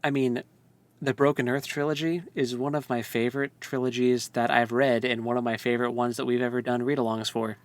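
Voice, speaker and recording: An animated man co-host chats loosely, with frequent laughs and fillers. His voice sits at an ordinary middle pitch. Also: brisk. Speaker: podcast co-host. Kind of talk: casual podcast discussion.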